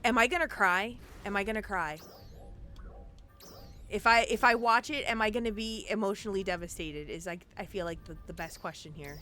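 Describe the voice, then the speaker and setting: A woman streamer plays an online game and chats casually, letting out frequent exclamations. Her voice is medium-pitched, bright and forceful, her pace moderate, and faint game music can be heard underneath.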